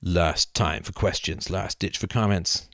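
A middle-aged man hosting a live video chat, reading viewer comments aloud and riffing with animated laughter. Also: low voice, measured pace, gravelly, no room sound, clean studio sound. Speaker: livestream host answering chat. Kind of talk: casual live-stream chat. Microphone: camera and mic on a live video chat.

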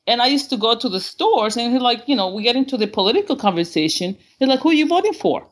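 A woman from Honduras calls in to a show, her voice sitting a little high. She talks excitably and rambles, laughing often. She acts out the conversations she describes. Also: quick pace. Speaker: caller. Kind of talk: casual call-in conversation.

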